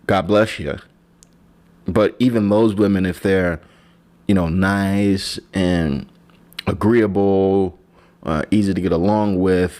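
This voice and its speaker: A man's voice: deep voice, darkish tone. A man hosting his own solo podcast, talking in a rambling, joking way that often breaks off and restarts. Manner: rambling, joking, self-interrupting. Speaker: podcast host. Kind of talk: casual solo podcast monologue.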